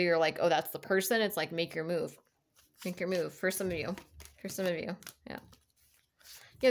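A woman's voice: lowish voice, slight background noise. Rambling, chatty woman reading tarot cards. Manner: rambling, full of "like" fillers and restarts; chatty and encouraging, laughs between thoughts. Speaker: tarot card reader. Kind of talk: casual spoken tarot reading.

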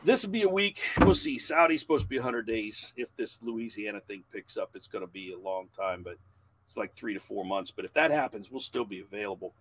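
A man in his forties, a podcast guest, telling a long profane story in a loud, animated way. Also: lowish voice, brisk, a little hiss or hum.

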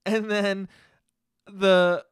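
A man's voice: high-pitched, level tone, extremely slow, clean tone, no room sound, studio quality. Profane rambling young man podcaster. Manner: profane, rambling, self-mocking. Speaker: podcast host and comedian. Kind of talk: casual solo podcast monologue.

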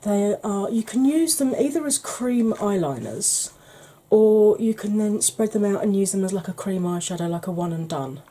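A woman hosting a beauty channel, chatting casually and rambling softly while she declutters her makeup, with self-deprecating asides. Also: mid-range voice, expressive, normal speed, hardly any pauses, rough recording. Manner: soft, quiet delivery.

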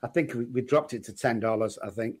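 His voice is husky, medium in pitch and fairly quick: a middle-aged man with a Manchester English accent, chatting casually as an interview guest. He's a lively storyteller who acts out the voices of those he quotes.

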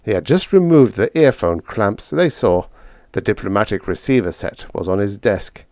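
A man narrating a vintage short story audiobook in an expressive reading. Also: lowish voice, moderate pace, no room sound, clean studio sound. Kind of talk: scripted narration.

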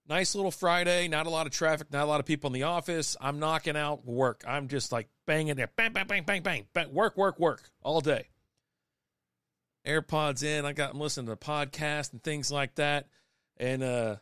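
A man's voice: on the high side, a bit bright, clean tone, no room sound, studio quality. A man, chatting casually and rambling with many restarts as a podcast host. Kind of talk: casual live-stream chat. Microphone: desk microphone.

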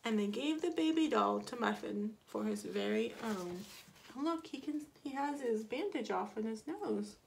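Slightly creaky and fairly high, this woman's voice moves at a normal speed with lively intonation over a little background noise. She playfully reads a picture book aloud to children, asking them questions, acting out the sound effects, and slipping in small asides and corrections.

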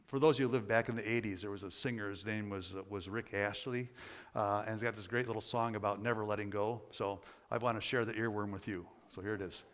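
A man's voice: on the low side, fairly even intonation, fast talker. An older man preaching a sermon as pastor, in a folksy, conversational storytelling manner with many fillers. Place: church sanctuary. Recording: church sanctuary with long reverb.

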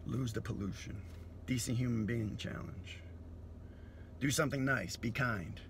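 A man's voice: mid-range voice, unhurried, gravelly, background noise. A man comedian delivering a profane, philosophical monologue.

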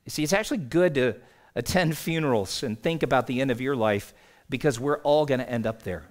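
A man's voice: medium pitch, a little fast. A male pastor preaching a sermon in a conversational, anecdotal way.

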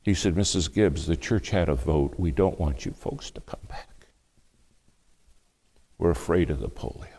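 A man preaching a sermon, telling a family story with hushed asides and louder bursts. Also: sits low, a little slow, long pauses. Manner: dramatic storytelling, acts out quoted speech, shifts between hushed and loud.

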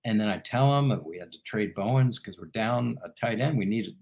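A man who is a guest and former football team executive, telling an anecdote in an animated way and laughing as he goes. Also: on the low side, fairly quick. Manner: animated, laughing while he tells it. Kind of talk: storytelling anecdote in interview.

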